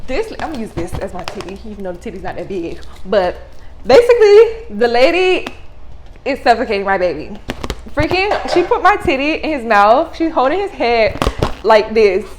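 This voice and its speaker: Young woman vlogger, high-ish voice, blunt and animated storyteller. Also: moderate pace, noisy background. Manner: animated, blunt, slangy with swearing. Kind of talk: casual storytime.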